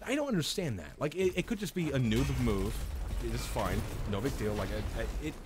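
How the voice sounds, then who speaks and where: A young man streaming a video game, rambling chattily with lots of fillers and restarts, and breaking into excited high yelps when something happens in play. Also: normal speed. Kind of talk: live gameplay commentary. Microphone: headset-style desk mic, headphones off. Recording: noisy game stream audio.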